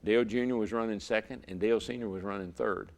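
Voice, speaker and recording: A man's voice: lowish voice, fairly even intonation, fast, creaky. A man, a former racer turned broadcaster, telling a vivid story as an interview guest and often repeating words. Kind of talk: storytelling in a conversation.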